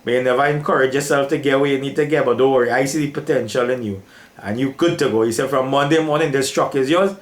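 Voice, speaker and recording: A man's voice: medium pitch, fast, echoey room. An older man with a Trinidadian accent tells an emotional story from his working life in a casual, repetitive way, often calling the listener "boy".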